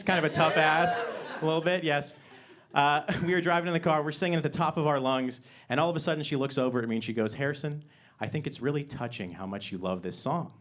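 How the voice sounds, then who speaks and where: A young man performing a stand-up comedy set on a theater stage, moving from soft, sincere build-ups to loud, excited punchlines into a handheld microphone. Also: fairly high pitch. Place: theater stage before a live audience.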